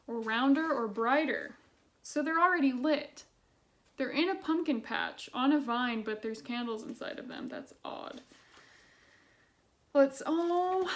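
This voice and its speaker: A young woman casually reading children's books aloud and adding chatty, sarcastic commentary. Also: a little high. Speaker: book vlogger.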